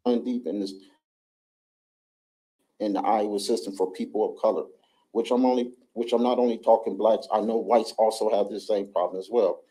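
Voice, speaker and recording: Guy w a low dark voice reading his statement in court, kinda halting, sounds far off. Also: fairly even intonation. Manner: halting, reads with restarts.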